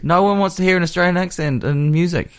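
A man's voice: sits high, quick pace, clean tone. A man co-hosting a sports podcast, chatting casually with wry, teasing comebacks. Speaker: podcast co-host.

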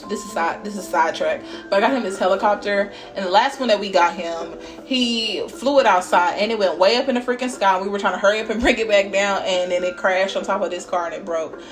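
A woman talks through a personal story at home in a loose, unscripted way. Her delivery is candid and animated, with swearing and bursts of laughter, over music playing behind her. Her pitch sits at a middling level for a woman. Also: brisk, few pauses. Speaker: podcast host. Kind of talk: casual storytelling monologue.

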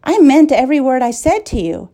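A woman's voice: high-pitched, big pitch swings, brisk, warm tone, pitched above the performer's own voice. A woman voicing a passionate young princess who speaks pleadingly and emotionally, in a storybook reading.

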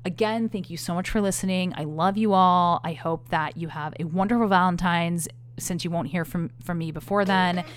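A young woman hosting a podcast alone, telling a dating story in a candid, profane, animated way. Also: lowish voice, moderate pace, hardly any pauses, clear, resonant tone. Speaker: podcast host. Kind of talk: casual storytelling monologue.

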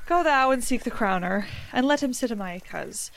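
Woman doing a proud noble lady, bossy but measured, slightly high voice. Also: animated, creaky, a bit bright. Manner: commanding, measured. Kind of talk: Elizabethan stage acting.

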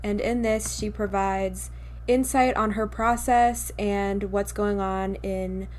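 A woman's voice: medium pitch, steady tone, slow pace, a little mellow. A young woman with a mid-range voice hosts a podcast. She gushes enthusiastically and talks casually. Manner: gushing, enthusiastic. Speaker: podcast co-host. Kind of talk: casual chat.

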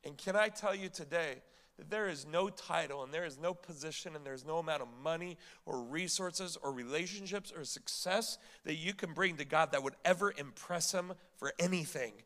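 A man's voice: fairly high pitch, pushed and bright. A male pastor preaching a sermon, emphatic, asking the congregation rhetorical questions and repeating words as he builds each point.

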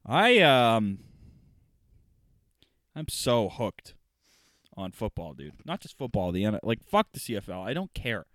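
A man's voice: on the low side, big pitch swings, a little slow, pauses often, fairly bright tone, no echo. A young man in his twenties co-hosting a podcast, talking in a casual, profane, rambling way. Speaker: podcast co-host. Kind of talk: casual chat.

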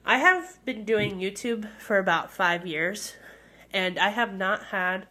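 A woman's voice: mid-range voice, slow, sharp tone. A young woman hosting her own podcast in casual solo talk, hesitant and candid, with many fillers. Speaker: podcast host.

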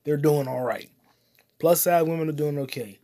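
A man hosting his own solo comedy podcast, cursing often and rambling while he eats popcorn, his voice swinging between loud outbursts and mutters. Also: moderate pace, vocal fry. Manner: profane, loud swings in volume and pitch; eating popcorn while talking. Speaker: podcast host.

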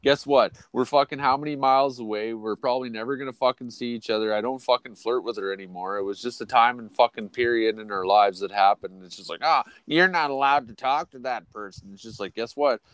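A man's voice: medium pitch, fairly even intonation, fast, few pauses, dry recording. A middle-aged man hosting a podcast, rambling through crude, profane stories in casual chat. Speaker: podcast host.

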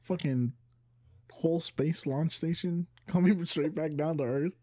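Higher-voiced incredulous podcast host. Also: male voice, a little slow, dark tone. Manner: incredulous, swearing. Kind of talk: casual chat.

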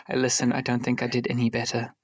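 A man's voice: medium pitch, completely flat delivery, fast talker. A man co-hosting a podcast from a blanket fort at home, teasing and swearing casually, laughing, with a sniffly nose. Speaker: podcast co-host. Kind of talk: casual chat.

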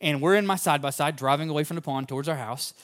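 A man's voice: on the high side, very fast, a bit bright. A man preaching a sermon, telling a personal story in an earnest, folksy way. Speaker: pastor.

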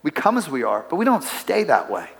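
A middle-aged man preaches from a church platform with a fairly high voice. He talks in a relaxed, conversational way, telling stories and turning to the congregation with asides. His voice carries a long reverb through the sanctuary. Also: fairly quick. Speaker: pastor. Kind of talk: sermon.

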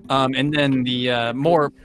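Deadpan young man telling a story. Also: mid-range voice, unhurried, faint music behind. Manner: dry, deadpan storytelling with quoted dialogue. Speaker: co-host. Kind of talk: casual storytelling chat.

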